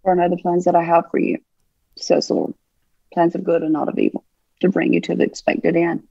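A woman pastor with a Southern US accent, speaking in a relaxed, affectionate way during an interview. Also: fairly low pitch, gravelly, no echo, dull audio. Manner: affectionate, unhurried with fillers. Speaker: pastor and guest. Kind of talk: casual interview chat.

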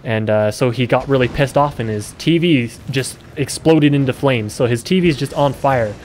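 A man's voice: medium pitch, moderate pace, slight background noise. A young man streaming a game, rambling casually and swearing while he plays. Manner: swearing, rambling, gets loud and exasperated. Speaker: gaming streamer.

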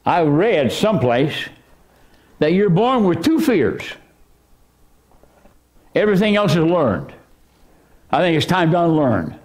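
Animated preaching man with lively pitch. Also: slow pace, pauses often. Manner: animated preaching, voice surging high for emphasis. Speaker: pastor. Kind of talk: sermon. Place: church.

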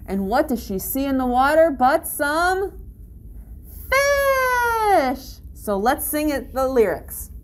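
Upbeat high-voiced woman leading a story walk. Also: expressive, normal speed, few pauses, a little mellow. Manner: upbeat, encouraging, teacherly, with animal-sound imitations. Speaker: library story-walk guide. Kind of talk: reading a picture book aloud to children.

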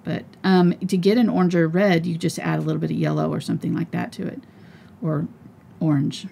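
A woman teaching a live painting lesson in a breathy, soft voice, often mumbling as if talking to herself. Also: on the low side, little pitch movement, a little fast, a little hiss or hum. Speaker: painting instructor.

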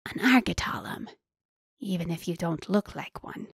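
A woman voicing a menacing male frost griffin who speaks in a slow, deliberate hiss. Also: fairly low pitch, animated, gravelly, slightly rough, no room sound, studio quality, full character voice. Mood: hissing menace.

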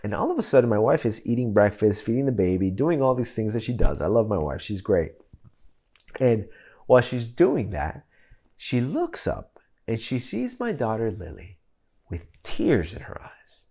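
A man's voice: lowish voice, sing-song, normal speed, creaky, dark tone, husky. A man in his thirties preaching a sermon as a pastor, telling a family story in a conversational, storytelling way.

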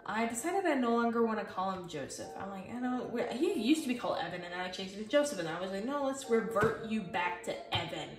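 Her voice sits at medium pitch with lively intonation, and she talks quickly with hardly any pauses while showing off her sketchbook. The young woman rambles, swears plenty and makes fun of herself, recorded off-mic in an echoey room with music playing.

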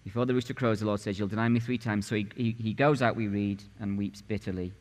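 A man's voice: on the low side, fairly even intonation, fast, a little mellow. A man in his late forties preaching a sermon as pastor, punchy and conversational, firing rhetorical questions at the congregation. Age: 40s. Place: church sanctuary. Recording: long church reverb.

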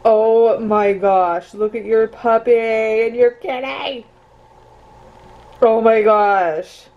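A young woman and mother filming a casual home vlog on a handheld camera, gushing and excitable. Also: on the high side, very slow, muffled recording. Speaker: vlogger and mother. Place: family home.

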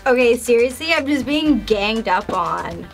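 A woman in casual chat with her girlfriend, answering with quick, playfully defensive comebacks and some swearing. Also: a little high, lively intonation, faint music behind. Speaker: girlfriend and co-host.

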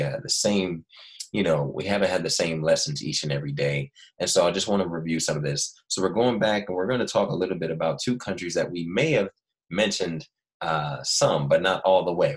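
Male grade-school teacher, low voice, animated and encouraging, leads kids in call-and-repeat. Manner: animated, coaxing children to repeat words. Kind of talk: remote classroom lesson. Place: Los Angeles.

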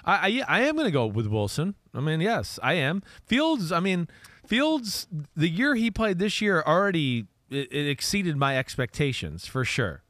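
Animated New Jersey man talking football. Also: on the high side, normal speed, no echo. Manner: animated, repeats words when starting a thought. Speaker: podcast co-host, football analyst. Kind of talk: casual sports talk.

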